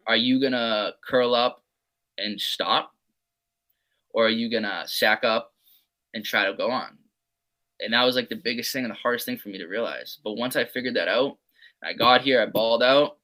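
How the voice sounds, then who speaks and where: A young man, a podcast guest, telling his sports stories in a loose, casual way. He swears freely, leans on "like" and "man," and drops low to mutter his quoted asides. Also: pushed and bright, poor audio. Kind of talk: casual storytelling.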